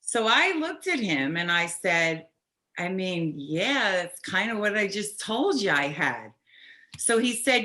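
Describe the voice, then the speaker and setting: A middle-aged woman from New Jersey tells a personal story as a patient, halting and restarting, wry and animated. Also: medium pitch. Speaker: patient telling her story.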